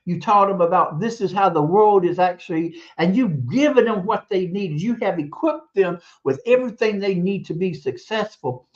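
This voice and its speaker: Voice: medium pitch, animated, moderate pace, few pauses, dull audio. A stream host who works as a teacher, giving a casual advice monologue about raising children, talking emphatically, repeating words for stress and chuckling between points.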